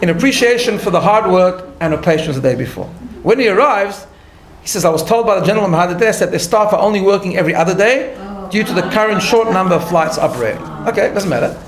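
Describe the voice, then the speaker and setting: A man, a rabbi, giving a conversational lecture, telling a story in an animated way with light laughter at his own asides and frequent restarts. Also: high-pitched, quick pace, hardly any pauses, roomy sound. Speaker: rabbi teaching a class.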